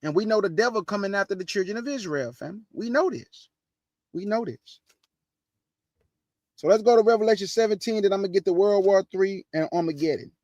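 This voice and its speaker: A man's voice: high voice, fairly quick, a little mellow, no echo, muffled recording. A man preaching to an online audience in a fired-up, emphatic way, repeating his points, firing off rhetorical questions and calling his listeners family. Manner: casual slangy delivery with rhetorical questions. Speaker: online show host and preacher.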